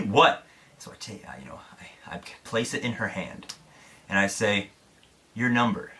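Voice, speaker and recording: A young vlogger from Indiana with a low, bright, forceful voice, chatting to camera. He tells his story candidly and pokes fun at himself, cursing as he goes. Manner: candid, self-deprecating, swears freely.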